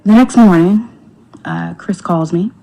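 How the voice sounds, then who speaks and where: A woman's voice: fairly low pitch, measured pace, vocal fry, dark tone, a little hiss or hum, rough recording. A woman telling a personal story in casual talk, speaking candidly, quoting others and swearing freely, often dropping almost to a whisper. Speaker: storyteller in a clip.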